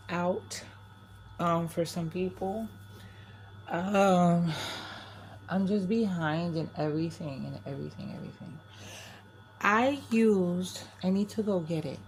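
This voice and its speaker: A woman's voice: lowish voice, steady tone, slow, darkish tone, slight background noise. An older woman from New York, a crafting vlogger chatting candidly to camera, rambling and often restarting her sentences. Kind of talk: casual chat to camera.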